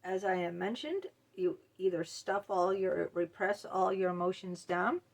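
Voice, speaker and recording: A middle-aged woman hosting a mental health video, speaking candidly and emotionally to camera, halting often with fillers. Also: fairly low pitch, gravelly. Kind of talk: personal talk to camera.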